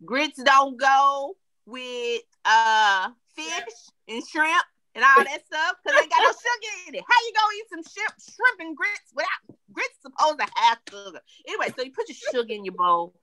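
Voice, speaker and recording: A woman co-hosting a podcast in casual chat, telling stories with playful, animated delivery. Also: sits high, moderate pace, no echo. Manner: animated, playful storytelling with frequent laughter. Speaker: podcast co-host.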